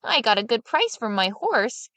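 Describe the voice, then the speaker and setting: A woman's voice: fairly high pitch, big pitch swings, normal speed, fairly bright tone, no room sound. A woman voicing a clever, scheming peasant man who talks in a sly, coaxing way, in a storybook reading.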